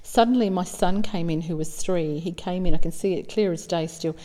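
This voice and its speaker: A woman's voice: fairly low pitch, normal speed, mellow, big-room sound. A middle-aged Australian woman, a psychic medium, telling stories in casual, earnest talk and acting out bits of dialogue. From South Australia. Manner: earnest, emotional, acts out dialogue.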